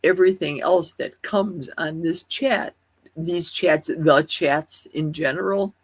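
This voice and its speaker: A woman hosting a casual livestream chat, with a high, youthful-sounding voice, rambling and asking many rhetorical questions. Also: slow pace, husky. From Wisconsin. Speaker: livestream host. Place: at home in a forest.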